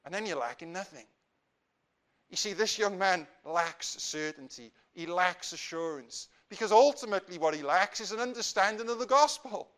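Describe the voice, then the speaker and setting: High-voiced man preaching with fervor. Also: animated. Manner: emphatic, rising to loud stresses and dropping to quiet appeals; slows down on key phrases. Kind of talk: sermon.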